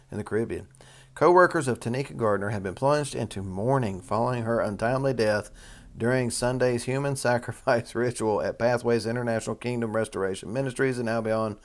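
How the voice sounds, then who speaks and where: A man hosts a casual talk show, reading a news story aloud and breaking off for loose, folksy asides. His pitch sits in the middle of the male range, and he talks in an easygoing, rambling way. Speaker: host.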